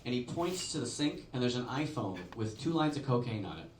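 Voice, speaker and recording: A man's voice: mid-range voice, fairly quick, a little hiss or hum. A man in his forties doing a stand-up set in a comedy club, telling stories animatedly and acting out the voices. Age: 40s. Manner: animated storytelling with acted-out voices. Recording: echoey club from far off with crowd.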